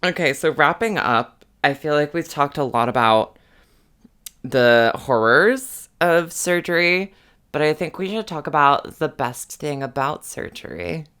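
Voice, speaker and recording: Gushing, slangy woman with a smooth voice. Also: low-pitched, a little slow, fairly bright tone. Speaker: podcast co-host. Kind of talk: casual chat.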